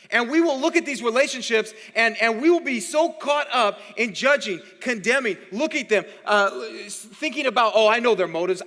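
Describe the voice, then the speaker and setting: A man's voice: high-pitched, sharp tone, in a large hall. A man preaching a sermon as pastor, conversational and often repeating words while he thinks. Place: church hall.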